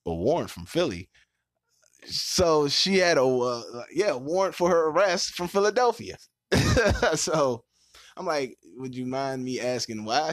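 A man hosting a podcast, telling a story in a casual, animated way and laughing often. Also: mid-range voice, dry recording, clean studio sound. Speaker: podcast host.

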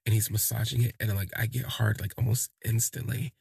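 A man's voice: lowish voice, steady tone, brisk, gravelly, darkish tone, husky, no echo, studio quality. A man telling a first-person story in a casual, rambling way, full of "like" and "you know". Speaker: podcast storyteller.

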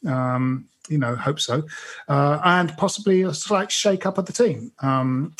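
A man hosting a football podcast, talking casually with many pauses and restarts. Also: on the high side, fairly bright tone, slightly rough. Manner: hesitant, many ums and restarts. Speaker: podcast host. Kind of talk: casual chat.

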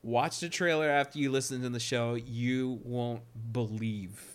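A man hosting a casual podcast chat, talking emphatically and swearing freely, his pitch climbing when he gets worked up. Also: fairly even intonation, measured pace, clean tone. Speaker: podcast host.

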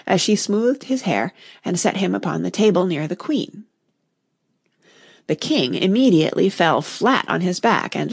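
Woman reading a kids story aloud, lively, gravelly and husky. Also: mid-range voice, dry recording, studio quality. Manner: expressive, animated storytelling. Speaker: narrator.

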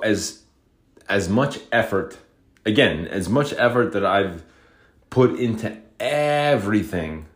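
Frustrated, cursing man ranting solo. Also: fairly low pitch. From Utah, USA. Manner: frustrated, profane, rambling. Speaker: podcaster. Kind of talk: solo rant.

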